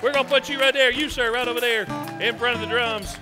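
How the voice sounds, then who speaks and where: A man hosting a comedy show, teasing audience members in a loud, folksy way. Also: extremely high pitch, steady tone, quick pace, music in the background, crowd noise. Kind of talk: audience participation stand-up. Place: theater stage with live audience. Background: audience laughter.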